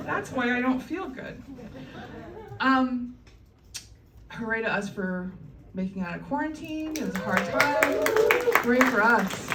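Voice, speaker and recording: A woman's voice: a little high, a little slow, pauses often, recorded from a distance. A woman doing a stand-up comedy set on a club stage, chatty and wry, often laughing between lines. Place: comedy club stage before a live audience. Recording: roomy live club recording, crowd and ambience behind.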